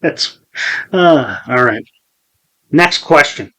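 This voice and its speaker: A forties-aged podcast host speaks slowly but animatedly, with a medium pitch and a sharp tone. The recording is rough, and his casual story is profane and rambling, with frequent restarts.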